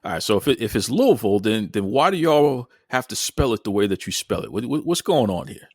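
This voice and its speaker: A man with a Boston accent runs a casual podcast interview in a teasing, jokey way, tripping over his words as he goes. His pitch swings widely and his voice is very animated. The sound is close and dry, with no room echo. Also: brisk. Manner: jokey, stammering, lively teasing. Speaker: podcast host.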